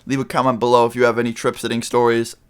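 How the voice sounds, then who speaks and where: A man's voice: medium pitch, completely flat delivery, rapid-fire, clean tone. A young man vlogging, telling a story in a rambling, casual way full of "you know" and "I mean".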